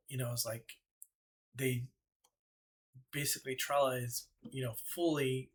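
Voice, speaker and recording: A man, an author, casually retelling a story, halting and repeating himself with many fillers. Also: medium pitch, fairly bright tone.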